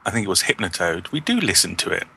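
A man's voice: low-pitched, big pitch swings, fast, gravelly, pushed and bright, a little hiss or hum. A man co-hosting a casual gaming podcast, joking and laid-back. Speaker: podcast co-host. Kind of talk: casual chat.

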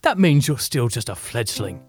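A man's voice: mid-range voice, sing-song, moderate pace, natural voice. A man playing a stern, stuffy senior male knight in a comedy sketch, scolding and exasperated in a formal manner.

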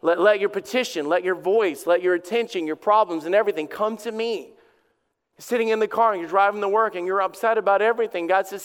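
A man preaching a Sunday-style sermon with a high, clear, resonant voice. He talks to the congregation casually, stumbling over repeated words and acting out little conversations. The sound rings with long reverb from a church hall. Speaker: lead pastor.

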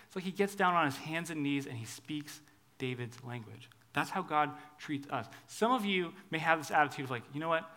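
Bright-voiced man preaching a lively sermon. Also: on the high side, brisk. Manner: lively, conversational, swings from hushed to loud.

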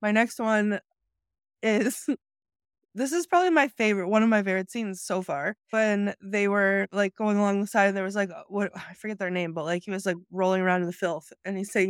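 Animated woman retelling movie scenes. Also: medium pitch, normal speed, clean tone, dry recording, clean studio sound. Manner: animated, acts out quoted movie lines while retelling. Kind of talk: casual chat about a movie.

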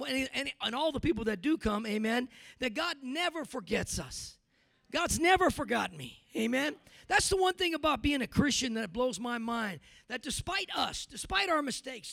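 Middle-aged male preacher, unusually high and gravelly, sermon delivery punctuated with amens. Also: no room sound. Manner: preachy, builds from quiet to shouting with repeated amens. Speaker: pastor.

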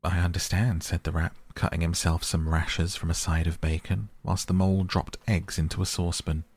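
Deep gravelly storybook narrator, male. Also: flat delivery, a little fast, a little mellow.

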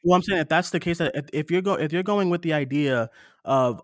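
Guy ranting on a podcast, talks fast and loud, kinda high voice, dry sound. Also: lively intonation, no room sound. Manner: ranting, rapid, emphatic with swearing. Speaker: co-host. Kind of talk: heated casual podcast chat. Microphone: studio mic, remote co-host.

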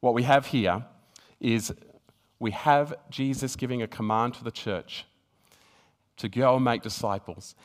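In a sermon delivered at a measured pace with frequent pauses, a medium-pitched man speaks earnestly and restarts often. Scripture passages are read aloud as part of the talk, which rises to emphatic peaks.

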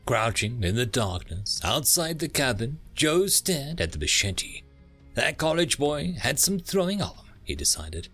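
A man narrating a thriller audiobook in a dramatic, low-voiced storytelling manner. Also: very animated, measured pace, fairly bright tone, breathy edge, soft background music.

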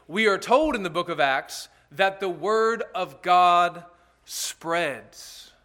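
Male pastor, sermon, high voice, bright tone, emphatic delivery with asides to the congregation.

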